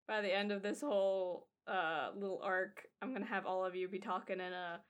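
A woman's voice: mid-range voice, steady tone, fairly quick, few pauses. A woman narrating as game master of a tabletop game, rambling with many fillers and restarts.

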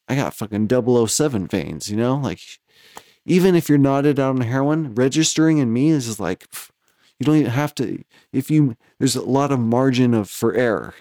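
A man's voice: medium pitch, darkish tone, no room sound, studio quality. A man with a West Coast American accent telling a story in casual chat, profane and rambling, laughing between lines.

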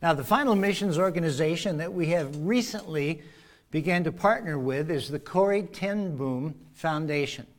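A man, a pastor, speaking to his congregation in a conversational, earnest way. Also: on the high side. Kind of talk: church announcements.

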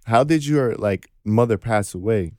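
A man's voice: lowish voice, unhurried, darkish tone, dry recording, clean studio sound. A man hosting a casual podcast conversation, talking in a laid-back, sympathetic, slangy way.

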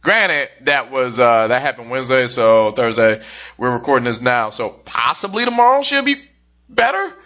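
A man's voice: mid-range voice, sing-song, moderate pace, bright, forceful tone, lo-fi sound. A man co-hosting a podcast, telling a jokey story in casual chat, swearing now and then. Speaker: podcast co-host.

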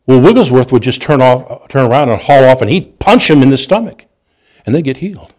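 Man preaching, storytelling sermon, animated, stumbles and chuckles, mid-pitched voice. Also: fast talker.

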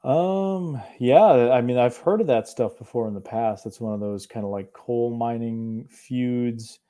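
A young man from northern Appalachia co-hosts a cryptid show, his warm, mid-range voice moving at a measured pace. He chats casually, rambling in a relaxed way and chuckling often.

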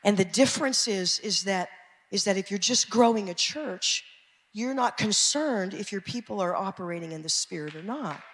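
A woman pastor with an American country accent, preaching a fervent sermon that swings from shouting to quiet asides. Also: mid-range voice, lively intonation, moderate pace. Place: church sanctuary. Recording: echoey church hall.

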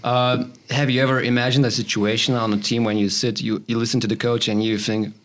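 A man's voice: mid-range voice, little pitch movement, brisk, fairly bright tone. Joking European male interviewer. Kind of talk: casual conversational interview.

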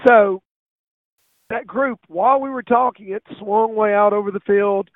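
A high-pitched man hosting a casual talk show spins an animated hunting story. His voice comes through a tinny phone line, with no room echo at all. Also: measured pace. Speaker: radio show host.

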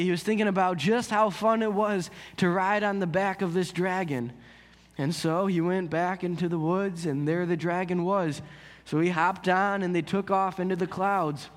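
A man's voice: sits high, long reverb tail. A man preaching a sermon in an earnest, conversational way, telling a story. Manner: earnest, conversational, builds intensity. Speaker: pastor.

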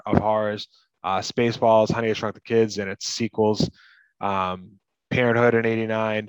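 A man's voice: fairly low pitch, no echo, dull audio. A man from Massachusetts co-hosting a casual movie podcast, rambling with lots of "like" and "you know". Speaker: podcast co-host.

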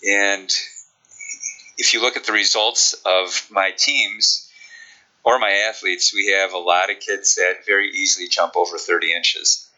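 A sprint coach with a Chicago accent, explaining training in a relaxed podcast interview, with many ums. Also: male voice, deep voice, a little slow, muffled recording.

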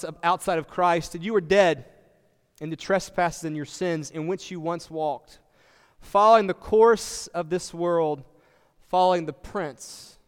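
Male pastor, high and smooth, conversational sermon with questions to the room, church hall reverb. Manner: conversational, asks the congregation questions.

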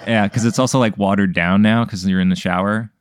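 A man hosting a casual podcast chat, posing a rambling hypothetical with many halting fillers. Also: lowish voice, fairly even intonation, clean tone, no room sound, clean studio sound.

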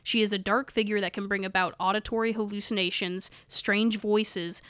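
A woman's voice: medium pitch, steady tone, normal speed, fairly bright tone, clear, resonant tone, dry recording. A woman co-hosting a podcast in easy, rambling chat, now and then reading aloud from her notes. She trips over tricky words and laughs them off. Her voice is dry and close, with no room sound. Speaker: podcast co-host.

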